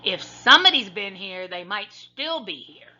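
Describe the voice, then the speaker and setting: A woman voicing a calm mother bear in a storybook reading, in a plain, matter-of-fact way. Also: mid-range voice, moderate pace. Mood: fussy. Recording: dull lo-fi recording.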